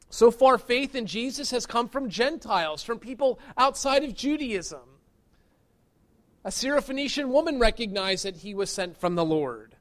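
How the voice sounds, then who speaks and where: A man's voice: sits high, a bit bright. A man preaching a sermon as pastor, earnest and emphatic, pressing his points with rising stresses.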